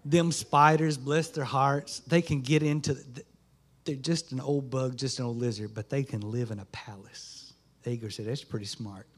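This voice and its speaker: A man's voice: medium pitch, steady tone, normal speed, slightly rough. A man, a pastor preaching a folksy sermon in a small church. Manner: folksy Southern preaching, rising to fervent shouts.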